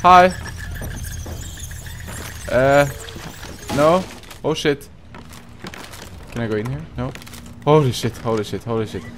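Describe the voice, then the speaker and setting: A man's voice: mid-range voice, moderate pace, pauses often, darkish tone. A young man commentating a horror game, jumpy and swearing often as he talks to his viewers. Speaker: gaming YouTuber. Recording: noisy home recording.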